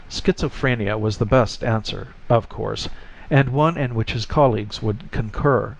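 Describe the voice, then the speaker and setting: A man reading a short story aloud as narrator, with measured, expressive storytelling. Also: lowish voice, gravelly, muffled recording. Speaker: audiobook narrator. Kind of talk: scripted narration.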